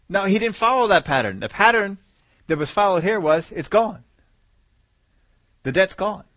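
A man's voice: high-pitched, animated, normal speed, long pauses, fairly bright tone, no echo. Emphatic male preacher, dry sound. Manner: emphatic, repeats key words for stress. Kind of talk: sermon.

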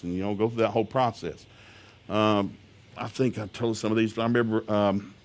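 An older man preaches and tells a funny family story in a folksy style, swinging between quiet asides and loud outbursts.

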